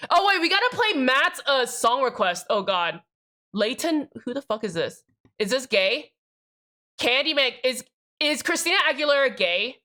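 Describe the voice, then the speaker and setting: At a normal speed, a young woman on a live stream chats to her viewers, loud and excitable, hopping between jokes as she rambles. Her pitch is a little high, and her voice has a sharp, forceful quality.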